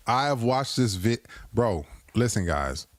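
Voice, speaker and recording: A man's voice: mid-range voice, no echo. A man hosting a livestream, chatting casually as he reacts to clips in a rambling, joking, self-deprecating way. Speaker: livestream host.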